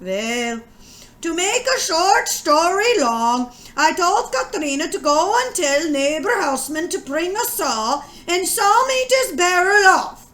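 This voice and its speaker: A woman's voice: very high-pitched, big pitch swings, unhurried, a bit bright, voice pushed up, heavily acted. A woman reading aloud as a bumbling old immigrant farmer who tells a comic tale in broken dialect English. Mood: telling a tale.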